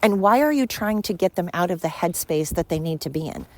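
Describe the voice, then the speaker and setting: A woman's voice: lowish voice, animated, fairly quick, darkish tone, a little hiss or hum. A woman from the United States hosting a solo podcast, ranting bluntly with frequent swearing. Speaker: podcast host. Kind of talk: opinionated solo podcast monologue.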